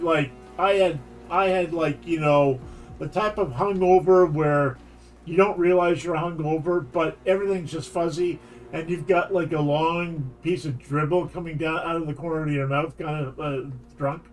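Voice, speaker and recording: Rambling Canadian man telling a story. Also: on the high side. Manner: rambling, animated anecdote with restarts and laughs. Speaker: streamer. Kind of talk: casual storytelling while gaming.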